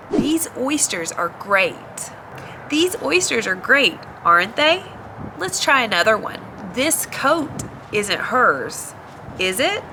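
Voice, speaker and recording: A woman teaching an English grammar lesson in a clear, encouraging, scripted delivery. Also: on the high side, noisy background.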